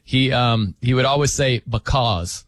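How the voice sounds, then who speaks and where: A man's voice: mid-range voice, expressive, moderate pace, no echo. A man hosting a casual radio talk show, chatty and laughing often, speaking into a studio microphone. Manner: chatty, laughs often, mimics others' pronunciations. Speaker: sports radio host.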